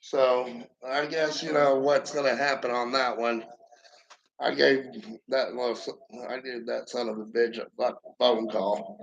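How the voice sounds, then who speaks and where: A man giving a rambling stand-up comedy monologue, halting and profane, with lots of fillers and restarts. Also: medium pitch, steady tone, vocal fry, muffled recording. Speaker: amateur comedian.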